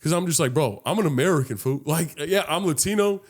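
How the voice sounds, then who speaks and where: A man's voice: fairly high pitch, fairly quick. A young man from Los Angeles, co-hosting a casual podcast chat, telling stories with lots of swearing and acting out other people's voices. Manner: animated storytelling, heavy swearing, acts out voices. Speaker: podcast co-host.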